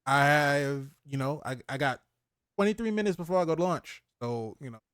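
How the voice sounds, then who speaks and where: A man co-hosting a casual movie review chat, retelling scenes with lively acted-out lines and frequent laughs. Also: on the high side, normal speed, clean tone, dry recording, clean studio sound. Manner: animated retelling, acts out character lines, laughs often. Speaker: podcast co-host.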